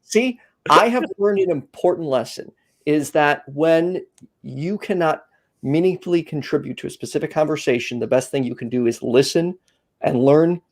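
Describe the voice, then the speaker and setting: A man who produces a call-in stream, chatting in a measured and deliberate way. His voice sits in the middle range, and he talks over a laptop stream. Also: mid-range voice. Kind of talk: casual chat.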